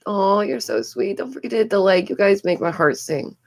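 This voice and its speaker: A woman's voice: medium pitch, expressive, brisk, vocal fry. A woman with a New York accent giving casual live-stream commentary as the host. She is chatty, repeats her phrases, giggles often and has a stuffy nose.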